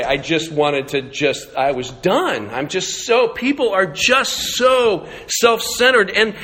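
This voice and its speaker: A man with a high voice preaches in a casual, storytelling way, talking to his congregation like he is chatting with friends. The sound rings out through a big room with long reverb. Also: bright, forceful tone. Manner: conversational storytelling. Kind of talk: sermon. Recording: echoey hall with long reverb.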